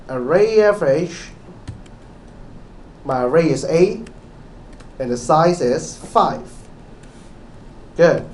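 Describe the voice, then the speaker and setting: Lecturer with a roomy, distant sound. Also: male voice, high voice, darkish tone, a little hiss or hum. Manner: repetitive, asks students questions, many "okay"s. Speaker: university lecturer. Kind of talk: live programming lecture. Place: lecture hall. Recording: echoey lecture hall, mic at a distance.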